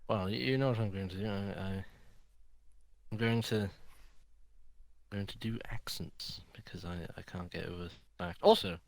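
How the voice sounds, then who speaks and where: A man co-hosting a podcast, chatting casually over a video game, excitable and groaning and exclaiming at his misses. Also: low voice, moderate pace, vocal fry, pauses often, slight background noise. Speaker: podcast co-host.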